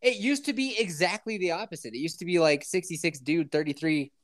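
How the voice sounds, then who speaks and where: A man's voice: on the high side, fairly quick. A young man hosting a podcast, chatting casually with crude jokes and frequent laughs. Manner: crude joking, laughs often. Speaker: podcast host.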